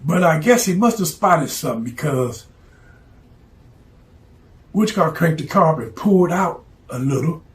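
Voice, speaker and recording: A man's voice: fairly high pitch, animated, a little slow, pauses often. A man telling a story from his past in a blunt, profane, streetwise way.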